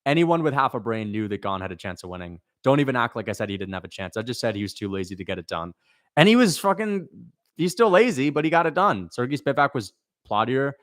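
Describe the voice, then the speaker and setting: A man's voice: medium pitch, big pitch swings, quick pace, a bit bright, no echo, studio quality. A young man hosting a livestream, reacting and reading chat messages, frustrated and swearing, repeating himself as he vents.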